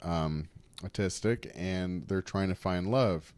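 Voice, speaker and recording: A man co-hosting a podcast, telling stories in casual, animated, rambling chat. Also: sits low, slow. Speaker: podcast co-host.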